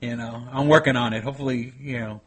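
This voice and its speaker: A man co-hosts a loose podcast chat at an even, mid-range pitch. He rambles in circles, leans on "you know," and swears bluntly between points. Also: fast. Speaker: podcast co-host.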